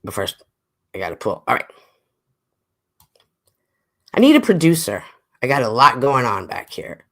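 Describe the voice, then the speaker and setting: Chatty, animated woman livestream host. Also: extremely low pitch, fairly quick. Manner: animated, chatty, swings from loud exclaims to murmurs. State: a little stuffy. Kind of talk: casual livestream chat, reading chat comments.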